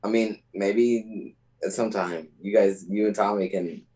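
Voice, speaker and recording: A man's voice: lowish voice, a little slow, warm tone, low-quality recording. A man co-hosting a podcast, explaining himself defensively in casual chat. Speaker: podcast co-host.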